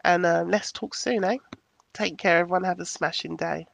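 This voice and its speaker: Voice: mid-range voice, steady tone, normal speed, vocal fry, a bit bright. A podcast host in casual chat, reading out listener comments, candid and affectionate, who swears casually.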